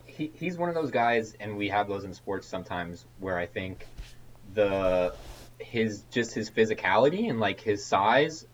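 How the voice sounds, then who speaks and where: A man in casual podcast chat, halting and emphatic, with frequent restarts. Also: fairly low pitch, animated, a little hiss or hum, low-quality recording.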